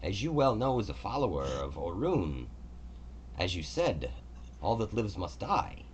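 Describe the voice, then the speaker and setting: A man voicing a calm, courteous male god of the dead who speaks in a measured way. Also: lowish voice, slight background noise.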